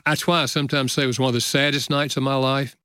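Older guy, earnest gentle storyteller, chuckles a lot, dry close mic. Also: medium pitch, level tone, fast talker, clean tone, no echo. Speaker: guest author. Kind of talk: reflective storytelling interview.

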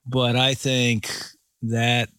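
A middle-aged man, a pastor, co-hosts a casual chat, speaking reflectively and teasing now and then. His voice sits at an ordinary pitch. The sound is dry and close. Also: completely flat delivery, very slow, pushed and bright, smooth, dry recording. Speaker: pastor and co-host.

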